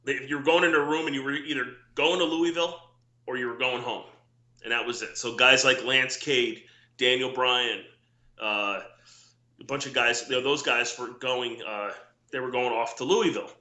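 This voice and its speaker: A man's voice: mid-range voice, steady tone, moderate pace, pushed and bright, roomy sound. A middle-aged man, a former wrestler, telling rambling anecdotes full of quoted dialogue in a casual interview.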